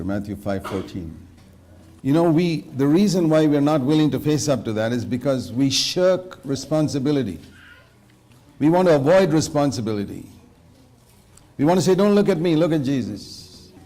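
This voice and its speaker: Male preacher, mellow and dark tone, earnest, quotes verses, challenges listeners with questions. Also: mid-range voice. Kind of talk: sermon.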